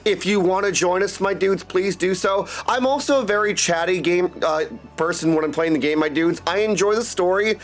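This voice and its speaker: A man chatting excitably with his viewers on a live stream, full of catchphrases. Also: sits high. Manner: excitable, chatty, keeps saying my dudes. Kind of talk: casual live-stream chat.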